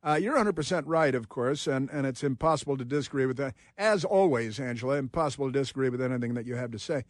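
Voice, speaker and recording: A man's voice: mid-range voice, fast, no echo, studio quality. A man hosting a political talk radio show, emphatic and rambling, laughing often. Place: radio studio. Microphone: studio microphone.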